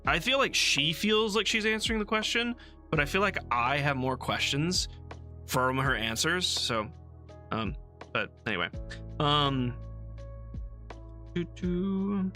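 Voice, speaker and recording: A man's voice: fairly high pitch, expressive, slow, pauses often, bright, forceful tone, soft background music. A man hosting a casual book club livestream, recapping chapters in a chatty, amused way with frequent ums and restarts.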